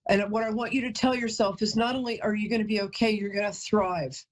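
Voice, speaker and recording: A woman's voice: mid-range voice, fairly even intonation, brisk, poor audio. A woman hosting a live call-in psychic reading, chatty and emotional, who often breaks off mid-sentence to apologize. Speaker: psychic medium host.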